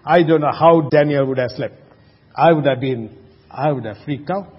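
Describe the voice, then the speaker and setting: A man's voice: on the high side, moderate pace, husky. A man preaching a sermon, earnest, asking rhetorical questions and often restarting his sentences. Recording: muffled, reverberant hall.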